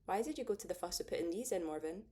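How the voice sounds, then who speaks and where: A woman's voice: lowish voice, expressive, very fast, mellow, lightly acted. A woman reading the lines of a friendly, gossipy young female coworker in an audiobook. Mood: chatty.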